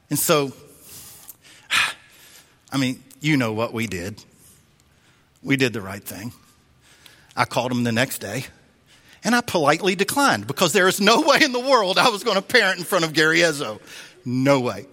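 A man preaching a sermon as a pastor, telling a story in an animated way and acting out the voices he quotes. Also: fairly high pitch, moderate pace, pauses often. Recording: long reverb of a large hall.

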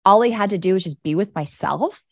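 A woman's voice: mid-range voice, expressive, brisk, no echo, clean studio sound. A woman hosting a spiritual coaching podcast, talking listeners through inner-child work in a soothing, direct, casual way. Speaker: podcast host and energy coach. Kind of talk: guided spiritual coaching talk.

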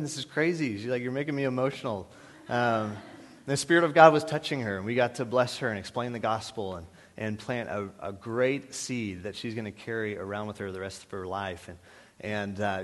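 Earnest low-voiced man preaching in a reverberant hall. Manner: earnest, with hesitant fillers. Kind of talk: testimony sermon.

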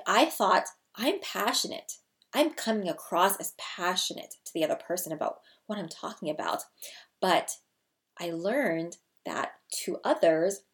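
A woman in her thirties, a people skills coach, talking straight to her viewers in an energetic way and repeating key phrases for emphasis. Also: lowish voice. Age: 30s. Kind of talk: scripted-feeling casual vlog talk to camera.

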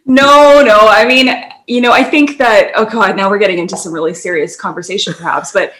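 Woman co-host, casual chat, rambling and giggly, middle-pitched voice. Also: fairly even intonation, fairly quick, fairly bright tone. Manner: rambling, tangents, frequent laughter. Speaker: podcast co-host.

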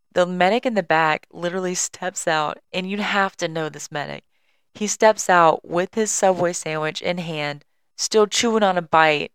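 A woman's voice: lowish voice, clear, resonant tone, no echo. A young woman hosting a podcast from home, casually and chattily telling a work story and apologizing. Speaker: podcast host and EMS worker. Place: at home on a couch.

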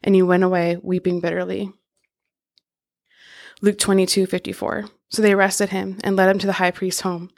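A woman reads scripture aloud at a steady, measured pace. Her pitch sits in the middle range and barely moves, so the reading comes across as even and flat. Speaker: podcast co-host reading scripture.

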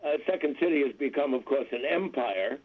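A man's voice: medium pitch, animated, brisk. Man in his seventies on a tinny phone line. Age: 70s. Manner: wry, rambling, self-deprecating asides. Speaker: guest comedian. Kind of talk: phone-in interview chat. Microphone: telephone.

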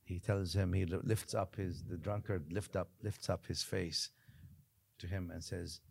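A man, a religious scholar, telling a story as a podcast guest, lively one moment and dropping to a hushed near-whisper the next, with Arabic phrases woven in. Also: sits low, unhurried, creaky, slightly rough. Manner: mixes Arabic phrases into his talk.

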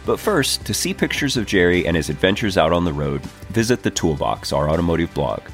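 Deep-voiced man hosting a podcast. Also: very animated, brisk, faint music behind. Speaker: podcast host. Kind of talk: scripted podcast promo read.

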